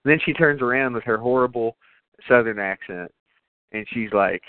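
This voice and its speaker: Profane excitable man on a tinny line. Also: fairly low pitch, brisk, dry recording. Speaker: podcast co-host. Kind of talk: casual horror movie chat.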